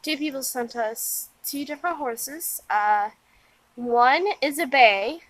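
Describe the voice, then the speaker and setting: A woman's voice: high voice, slow, fairly bright tone, no echo, poor audio. A tired young woman giving a rambling, casual vlog update outdoors in the wind, full of fillers and restarts. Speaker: vlogger.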